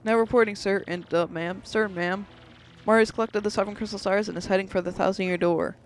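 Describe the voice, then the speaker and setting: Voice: medium pitch, fairly even intonation, a little fast, a little hiss or hum, close to an everyday voice. A let's player voicing an eager little winged mushroom soldier from a video game, reporting urgently.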